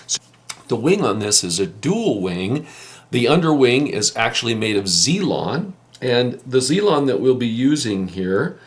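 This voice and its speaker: A middle-aged man, a fishing guide, giving patient step-by-step fly-tying instruction in a plain-spoken way. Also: medium pitch.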